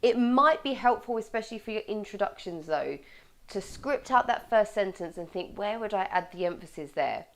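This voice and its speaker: An upbeat woman coaching viewers on how they speak, with a lively delivery. She leans hard on the key words and keeps a steady, mid-range voice. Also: medium pitch, moderate pace. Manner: lively, bright presenting with clear stressed words. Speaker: communication coach. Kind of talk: presenting a video tip.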